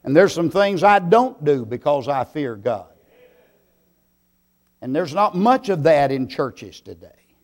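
A man preaching a sermon, slow and deliberate, swelling into loud emphatic bursts. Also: on the high side, animated.

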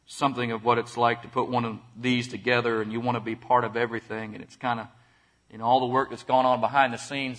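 Forceful, husky-voiced joke-telling man. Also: mid-range voice. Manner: joke-telling, laughs at his own jokes. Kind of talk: comic storytelling.

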